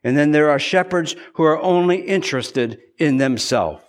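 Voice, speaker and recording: A man's voice: on the high side, animated, normal speed. A man preaching a sermon as pastor, earnest, often repeating and restarting phrases for emphasis.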